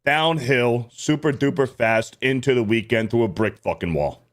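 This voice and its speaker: A man's voice: medium pitch, moderate pace. A man co-hosting a casual morning show, joking and playful in his banter. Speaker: co-host.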